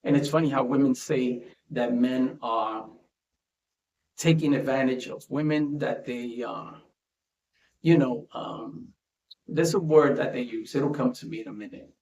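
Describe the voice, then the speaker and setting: A man with a mid-range, somewhat dark voice talks a little slowly with vocal fry, hosting a casual commentary monologue and tagging his points with "right?". The highs are cut off and the room echoes.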